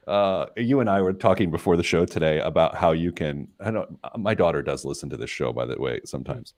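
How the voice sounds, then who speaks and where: A man's voice: low-pitched, brisk, hardly any pauses. A man hosting a radio talk show, telling stories about himself in a casual, self-mocking way. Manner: self-deprecating storyteller, laughs at himself. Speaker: radio show host, financial planner.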